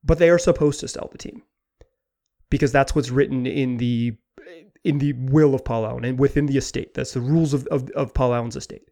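A man hosting a sports talk podcast, talking in an animated, rambling way with frequent restarts. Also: mid-range voice, a little fast. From Pacific Northwest. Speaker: podcast host.

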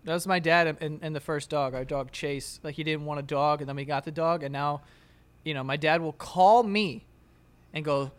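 A man's voice: on the high side, normal speed. A young man co-hosting a podcast, telling casual stories with a lot of laughing and acting out his dad. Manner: animated storyteller, laughs often, acts out his dad. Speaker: podcast co-host. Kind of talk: casual chat.

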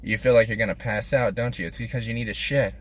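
A man's voice: lowish voice, fairly even intonation, quick pace, lightly acted. A man voicing his own nagging brain. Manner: nagging, insistent. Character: man's own brain, pushy and bossy.

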